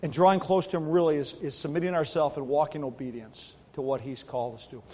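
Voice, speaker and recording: High-voiced guy pastor preaching, acts out stories, long echoey church reverb. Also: fast. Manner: animated storytelling, acting out quoted people. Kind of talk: sermon. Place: church sanctuary.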